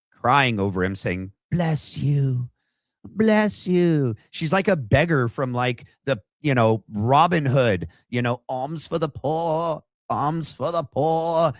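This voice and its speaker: A man hosting a podcast delivers casual, mocking commentary at an unhurried pace. His talk is slangy and sarcastic, full of fillers. It is recorded dry, with little room sound. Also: mid-range voice, a bit bright, dry recording. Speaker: podcast host. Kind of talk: casual commentary reacting to a clip.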